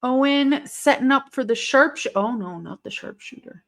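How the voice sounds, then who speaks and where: Her voice is high and her pace moderate as she hosts a live watch-along stream. She chats casually, answers her audience's messages, and breaks out in sudden excited reactions to the action.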